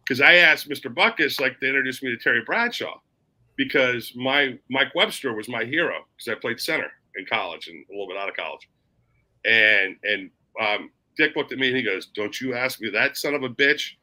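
A man in casual chat, telling a long, animated anecdote and swearing casually along the way. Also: mid-range voice, fairly quick, low-quality recording. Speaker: cigar industry storyteller.

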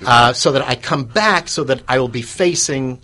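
A man's voice: mid-range voice, normal speed, noisy background. Man telling a rambling business story. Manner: rambling, many restarts and fillers, chuckles at himself. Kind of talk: anecdotal interview storytelling.

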